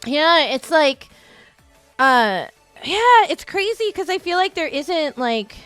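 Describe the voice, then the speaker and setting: A woman's voice: sits high, big pitch swings, slow, fairly bright tone, dry recording, soft background music. A woman hosting a charity stream, chatting casually and rambling with lots of fillers. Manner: rambling, filler-heavy, with emotional outbursts. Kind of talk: casual chat.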